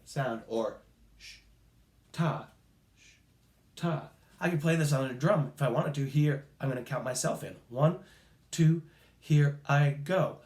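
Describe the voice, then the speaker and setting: A man teaching children rhythm in a playful call-and-response lesson, chanting beats and syllables in a sing-song way. His voice sits a little high, and he speaks slowly and deliberately. The sound carries a noticeable room echo. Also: darkish tone. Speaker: music teacher.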